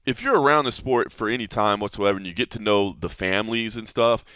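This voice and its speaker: Man, low voice, smooth and clear, dry studio sound, casual podcast chat. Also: brisk, no room sound. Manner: relaxed and conversational, with many fillers. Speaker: podcast co-host.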